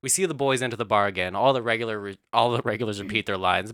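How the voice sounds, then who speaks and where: Giggly male narrator for a parody read, lively pitch, bright sarcastic delivery. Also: quick pace, no echo, studio quality. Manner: giggly, frequently laughing mid-sentence, sarcastic asides. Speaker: narrator of a comedic parody script. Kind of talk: casual comedic narration.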